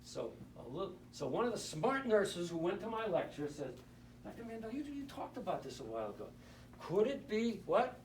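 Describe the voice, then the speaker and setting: A man's voice: high-pitched, very animated, brisk, slight background noise. Joking male lecturer quizzing his class. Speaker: anesthesiologist teaching nurses. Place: lecture room. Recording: roomy hall, mic at a distance.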